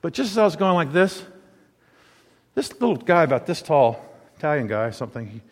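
A man's voice: fairly high pitch, big pitch swings, brisk, long reverb tail. A man preaching, telling a rambling personal story with self-corrections. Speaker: pastor.

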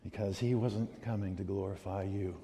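Animated male pastor in echoing hall. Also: fairly low pitch, moderate pace, creaky. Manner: animated, swings from loud emphasis to quiet asides. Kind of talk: sermon. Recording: long hall reverb.

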